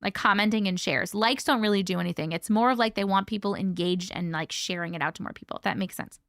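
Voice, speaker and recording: Bright-voiced woman chatting on a live stream. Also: medium pitch, quick pace, no room sound, studio quality. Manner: chatty and rambling, swears casually, thanks viewers by name. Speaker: host of a live stream reading viewer stories. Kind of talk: casual live-stream chat, reading and answering comments.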